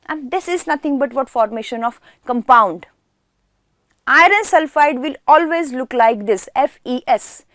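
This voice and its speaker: A woman's voice: high voice, expressive, a little slow, a bit bright, no room sound, clean studio sound. A woman teaching a chemistry class online, who asks questions and answers them herself and repeats key words for emphasis.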